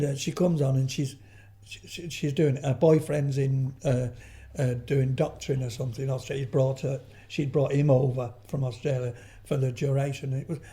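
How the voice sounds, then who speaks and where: An older man chats as an interview guest, his voice mellow and warm. He wanders through anecdotes, restarting sentences and adding asides as he goes. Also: medium pitch. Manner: rambling storyteller, frequent restarts and trailing asides. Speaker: guest, veteran comedian.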